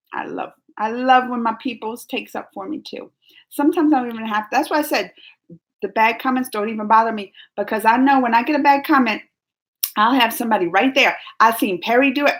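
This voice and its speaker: A woman's voice: on the high side, fairly bright tone. A woman hosting a casual live stream, chatting and giggling as she reads viewer comments aloud. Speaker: YouTube reaction host.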